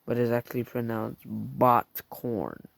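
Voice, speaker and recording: A man's voice: medium pitch, fairly even intonation, measured pace, creaky, no room sound. A man casually recapping a show scene by scene, rambling and chatty, adding his own sound effects. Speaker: show reviewer.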